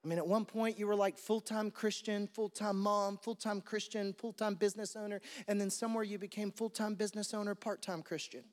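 A man's voice: high voice, steady tone, a little fast, hardly any pauses, in a large hall. A man preaching a sermon as pastor, conversational and repeating his questions for emphasis. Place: church.

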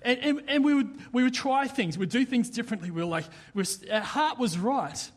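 A young man giving a casual sermon, chatty and halting, with many restarts and fillers. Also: very high-pitched, animated. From Australia. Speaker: pastor.

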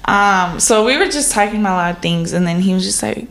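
This podcast co-host talks quickly in a gravelly, medium-pitched voice with plenty of reverb. Her animated story in casual chat is heavy on swearing and packed with "like."

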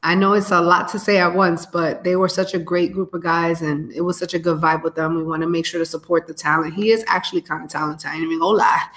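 A woman co-hosts a casual podcast live stream, her voice sitting a little low. She talks in loose, slangy chat and keeps giving shout-outs, speaking into a phone. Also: level tone, quick pace, few pauses. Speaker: podcast co-host.

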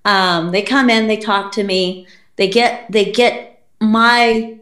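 A woman with a mid-range voice, speaking slowly, guests on a podcast and tells a personal story bluntly, casually and with frequent swearing. She quotes people in lively put-on voices, and the recording has a roomy echo.

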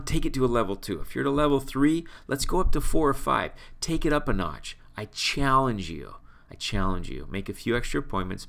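A man with a fairly low voice coaches his sales team in a motivational talk. He speaks with energy and hammers his points home with repetition. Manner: energetic, emphatic, repeats for punch. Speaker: team leader and sales trainer.

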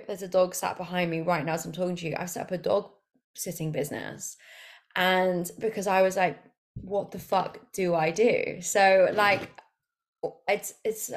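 A woman hosts a podcast in a casual, excitable conversational tone, dropping swear words freely. Her voice sits on the low side for a woman. She talks from home. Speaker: podcast host. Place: home with a dog nearby.

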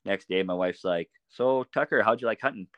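A man on a podcast as a guest, telling animated anecdotes in a casual way and laughing often. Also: lowish voice, a little fast, dry recording, highs cut off. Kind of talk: casual storytelling.

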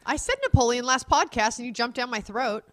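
Quick teasing woman co-host. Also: fairly high pitch, fairly bright tone. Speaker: podcast co-host. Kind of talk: casual chat.

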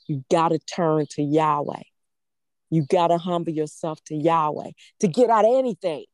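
A woman's voice: deep voice, normal speed, darkish tone, no echo. A woman preaching a sermon in a fervent, emphatic way, repeating phrases for stress. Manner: fervent, emphatic, with emotional laughs.

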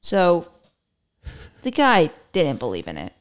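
A woman's voice: low voice, wildly swooping pitch, takes it slowly. A young woman hosting a podcast, chatting casually and telling stories with a sarcastic edge. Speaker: podcast host. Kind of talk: casual chat.

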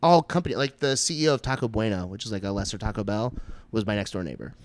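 A man's voice: lowish voice, expressive, fast talker. A man in his late twenties from North Texas, hosting a casual podcast and telling crude, rambling stories full of filler words. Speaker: podcast host.

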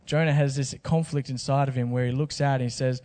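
A man preaching a sermon. He talks casually and jokes with slang asides, in a voice of ordinary pitch for a man. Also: fairly even intonation, a little fast, dark tone, in a large hall. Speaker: pastor.

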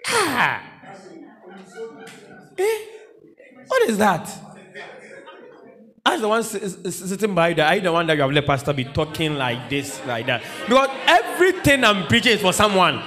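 A man preaching a humorous sermon, animated and repetitive, breaking into shouts and laughter. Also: fairly high pitch, a little slow, pauses often.

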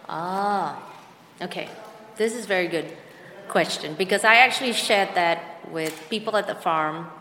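A woman guest in an interview, speaking slowly and earnestly with an inspirational tone. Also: on the low side, pushed and bright. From foreign to the Philippines. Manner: slow, earnest and inspirational, with frequent laughs. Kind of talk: heartfelt interview answers. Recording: echoey room with faint background.

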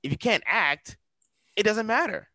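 A man's voice: sits high, lively intonation, moderate pace, sharp tone, no echo, low-quality recording. A man, a guest voice actor in a casual interview, talking earnestly and giving emphatic advice.

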